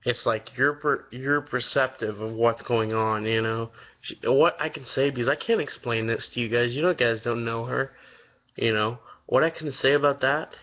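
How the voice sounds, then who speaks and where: A man's voice: medium pitch, moderate pace, muffled recording. An eighteen-year-old man telling a long story in a casual vlog, rambling and swearing freely with lots of fillers. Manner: rambling, loose and profane, many fillers. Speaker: vlogger.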